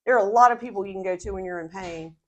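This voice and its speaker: A woman leading a casual Bible study discussion, animated and quick to laugh. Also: medium pitch, dull audio.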